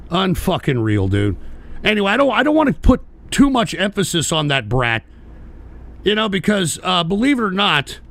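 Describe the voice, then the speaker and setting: An older man hosting a political podcast, ranting angrily with heavy profanity and shouting at times. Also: high voice, vocal fry. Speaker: podcast host.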